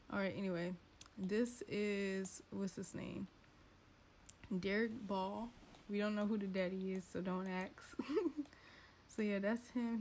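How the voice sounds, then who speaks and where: A woman's voice: a little mellow, slight background noise. A woman gives playful, chatty let's-play commentary from a home setup, now and then voicing her characters' thoughts. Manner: chatty, playful, voices the sims' thoughts in a squeaky tone. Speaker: gaming YouTuber.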